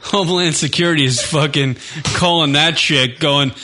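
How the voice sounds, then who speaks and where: A man in his thirties co-hosting a casual talk show, ranting and swearing freely between loud laughs. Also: a little high, normal speed, a little hiss or hum. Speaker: podcast co-host. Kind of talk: casual profane banter.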